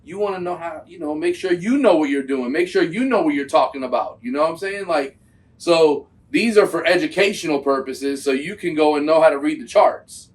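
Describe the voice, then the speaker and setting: A man hosting a reaction video, speaking casually with loose, slangy, animated talk. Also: a little high, fairly quick, distant mic. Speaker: host reacting to a trade video.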